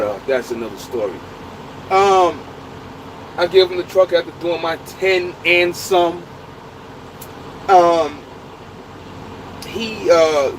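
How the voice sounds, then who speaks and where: A truck driver telling a story in casual, profane, laughing talk. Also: male voice, sits high, noisy background. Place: inside a truck.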